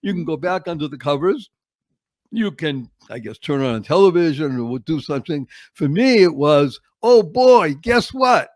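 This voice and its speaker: A man in his seventies from Boston, telling stories as an interview guest, with dramatic slow-downs. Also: a little high, no echo. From Boston, United States. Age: 70s. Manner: expressive, with dramatic slow-downs and acted-out quotes. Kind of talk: animated storytelling interview.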